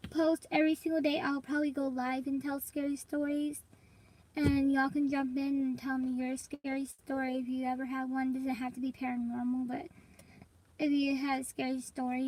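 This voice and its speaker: A woman's voice: high-pitched, a little mellow, low-quality recording. A young woman vlogging in casual, rambling chat to her viewers, coughing and congested from allergies. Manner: rambling, chatty, addresses viewers as y'all.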